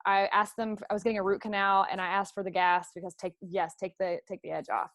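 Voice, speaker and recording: A woman's voice: mid-range voice, little pitch movement, fast talker, a bit bright, dry recording, clean studio sound. A middle-aged woman hosting a conversational interview, telling a personal story in an open, emotional way. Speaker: host.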